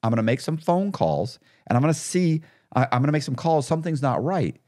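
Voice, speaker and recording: A man's voice: on the high side, a little fast. A man talking as a podcast guest, telling his story casually and acting out what other people said. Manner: animated, acts out others' lines in quotes. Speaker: podcast guest, former con artist.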